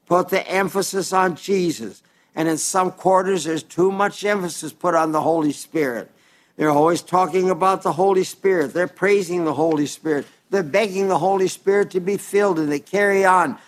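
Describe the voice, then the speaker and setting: A man preaching a sermon in an earnest, plain-spoken way, reading scripture aloud slowly and calling his listeners dear friends. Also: sits high.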